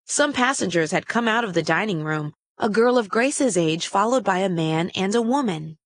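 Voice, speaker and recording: A woman reading a children's story aloud in a steady, expressive way. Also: fairly low pitch, moderate pace, hardly any pauses. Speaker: storybook reader.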